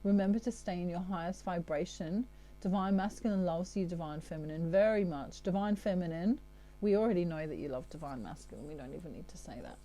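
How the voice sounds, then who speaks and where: An Australian woman talks through a tarot reading for her listeners. Her voice sits on the low side and sounds soft and mellow. She keeps it chatty and drops in "okay" often as she moves between messages. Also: brisk. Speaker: tarot reader. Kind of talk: channeled tarot reading monologue.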